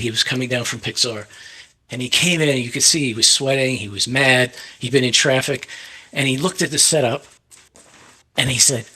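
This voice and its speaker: Bright-voiced man telling a story. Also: mid-range voice, slightly rough. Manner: animated anecdote, acting out quotes with laughs. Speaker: photographer. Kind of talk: storytelling on a panel.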